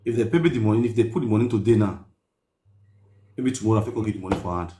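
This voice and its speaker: A Nigerian man hosts a live stream in a roomy, echoing space. He talks quickly in a lowish voice and soothes his caller in Pidgin, repeating himself over and over. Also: warm tone, slight background noise. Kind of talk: live-stream chat on speakerphone.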